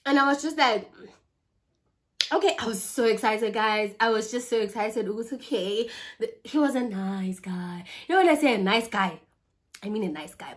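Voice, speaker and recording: A woman's voice: a little high, expressive, normal speed. A young woman in her twenties with a South African accent, chatting casually while eating as she tells a story, mixing languages mid-sentence, with a flu and a cough. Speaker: vlogger. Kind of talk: storytime chat over a meal.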